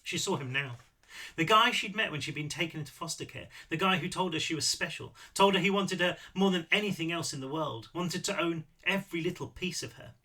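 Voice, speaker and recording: In this audiobook read-through, an author animatedly performs his own novel at a brisk clip, pausing now and then for casual asides. He has a very bright, sharp voice that runs a bit higher than the typical man's.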